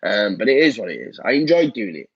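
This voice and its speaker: A man's voice: lowish voice, sing-song, quick pace, slightly rough, dry recording, dull audio. A man in his thirties with a blocked nose, chatting casually on a live stream and reading out viewer comments, with lots of ums and restarts. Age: 30s. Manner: rambling, frequent ums and repeats. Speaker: host of a live fan stream. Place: home room.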